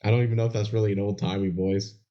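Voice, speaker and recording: Low-voiced young man, dry jokes. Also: level tone, racing, mellow. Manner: dry, joking banter. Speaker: podcast co-host. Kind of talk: casual chat. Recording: dull lo-fi podcast audio.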